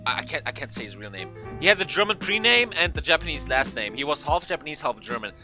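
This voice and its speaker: A young man telling a funny story in a casual, animated way, swearing often and acting out what people said. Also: on the high side, fast, music in the background. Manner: animated, swearing, acts out quotes in a raised voice. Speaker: vlogger.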